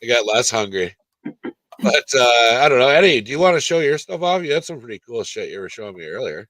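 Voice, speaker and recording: A man's voice: mid-range voice, big pitch swings, brisk, a bit bright, no echo. A man hosting a casual toy-collecting chat, easygoing, steering the talk and asking his co-hosts questions.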